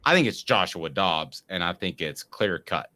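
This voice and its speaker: A man's voice: low voice, animated, normal speed, sharp tone. A man hosting a casual sports talk show, upbeat and steering the chat with questions to his co-host.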